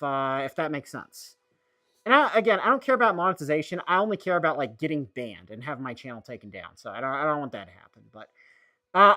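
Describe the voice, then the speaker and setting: A man streaming a casual monologue, rambling and halting, full of fillers and restarts. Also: a little high, pushed and bright, no room sound.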